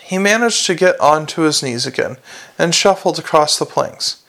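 Gravelly man reading a comic novel. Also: a little high, lively intonation, normal speed, fairly bright tone. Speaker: audiobook narrator.

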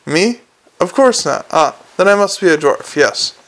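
A man voicing a flustered, excitable old male head alchemist in an audiobook reading, with sharp, abrupt outbursts. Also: high-pitched, unhurried. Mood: bemused.

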